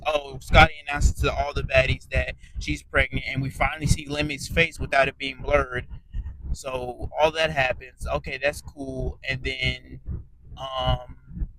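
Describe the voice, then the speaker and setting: A man giving a casual, profane audio recap of a reality show, ranting bluntly and sometimes trailing off into quiet mumbles. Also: a little high, a little hiss or hum, low-quality recording.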